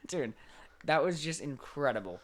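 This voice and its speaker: A young man co-hosting a casual podcast, telling game stories with lively acted-out voices. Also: on the high side, measured pace, slight background noise. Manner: animated storyteller, acts out game characters. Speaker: podcast co-host. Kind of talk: casual chat.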